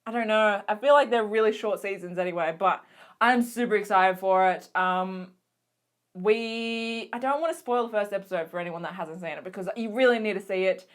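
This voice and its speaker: A young Australian woman recapping her favorite shows in a casual, gushing vlog, giggly and excitable, full of fillers. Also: mid-range voice, moderate pace. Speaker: vlogger.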